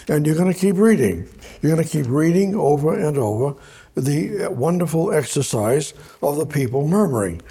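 On the high side but dark in tone and slightly rough, a man's voice carries a sermon as he reads scripture aloud. His Bible-study style is conversational and full of repeated words.

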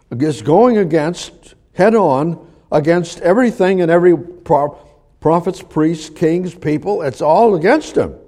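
Mellow-voiced man preaching a sermon. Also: on the high side, slightly rough. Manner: conversational preaching with rhetorical questions and chuckles; swings from emphatic to hushed.

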